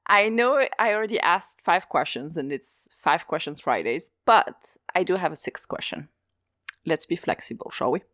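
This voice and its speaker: A woman's voice: fairly low pitch, lively intonation, normal speed, fairly bright tone, no echo, clean studio sound. A woman podcast host with a slight French accent, chatting casually and laughing easily while recording at home.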